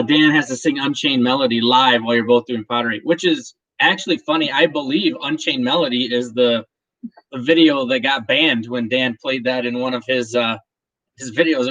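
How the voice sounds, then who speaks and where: A man's voice: medium pitch, fairly bright tone, no room sound. A man hosting a whiskey channel's live stream, chatting casually and emotionally with viewers and his partner. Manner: rambling, emotional, laughs often, many restarts.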